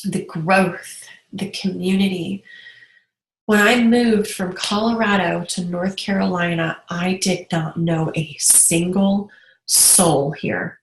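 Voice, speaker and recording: A woman's voice: lowish voice, fairly even intonation, takes it slowly, reverberant, a little hiss or hum, low-quality recording. A woman in her thirties, a direct sales team leader, talking casually and earnestly to viewers in a live video, getting emotional. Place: moved to North Carolina.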